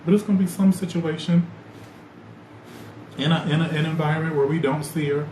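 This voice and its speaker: A man hosting a podcast, rambling loosely in animated, slangy casual chat. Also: on the high side, brisk. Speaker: podcast host. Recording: echoey room with loud ambient noise.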